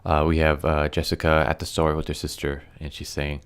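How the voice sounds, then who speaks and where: Man, very low voice, resonant, casual commentary, earnest, lots of fillers and restarts. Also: completely flat delivery, brisk, hardly any pauses, clean tone. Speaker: YouTuber reviewing comics.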